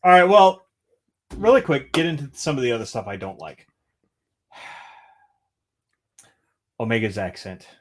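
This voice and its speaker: A man's voice: medium pitch, measured pace, long pauses. A man co-hosting a podcast in casual chat, ranting and swearing freely. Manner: profane, ranting, animated. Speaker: podcast co-host.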